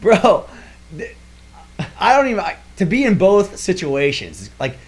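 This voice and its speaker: Podcast co-host, man, slightly high voice, very animated delivery, acts out his reactions. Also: a little slow. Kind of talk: casual chat.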